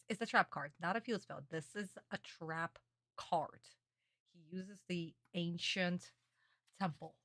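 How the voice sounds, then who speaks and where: A woman streamer giving casual reaction commentary on an anime, animated and affectionate, calling her viewers darlings. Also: on the low side, takes it slowly, no room sound.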